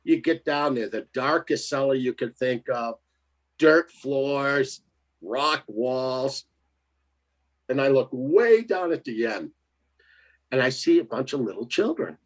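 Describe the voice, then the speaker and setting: A man with a husky, slightly breathy voice sits at an ordinary middle pitch. He tells a spooky story in a lively, emphatic way and keeps checking in with his listener. It sounds like a relaxed interview guest. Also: slow. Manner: lively, emphatic, tags lines with 'right?'. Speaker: paranormal investigator guest. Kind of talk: casual storytelling.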